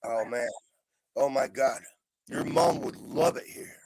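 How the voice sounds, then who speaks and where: A man's voice: medium pitch, fairly even intonation, measured pace, a little mellow, dry recording. A man from the United States, bantering bluntly and swearing a lot in a casual chat.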